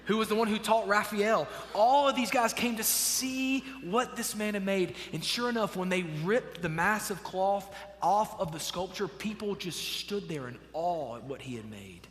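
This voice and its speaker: A man preaching a sermon as a pastor, telling a story with animated swells and hushed drops. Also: high voice, normal speed, long reverb tail, a little hiss or hum. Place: church sanctuary.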